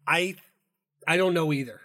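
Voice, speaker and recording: A man talks sports betting in loose, rambling fashion, cursing freely and restarting his sentences. His voice sits a touch higher than most men's. It is an easy, casual co-host delivery. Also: normal speed, a bit bright. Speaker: podcast co-host.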